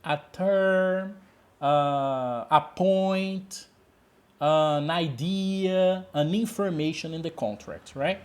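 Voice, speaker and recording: A man's voice: a little high, very slow. A man with a Brazilian Portuguese accent, a native Portuguese speaker teaching English one-on-one, repeating key words and often checking "okay?".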